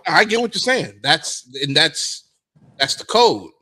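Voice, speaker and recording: Male live-stream host, higher voice, very lively and bright, reacts with laughter. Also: measured pace, a little hiss or hum. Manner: reacts with short replies and laughter. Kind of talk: casual live chat.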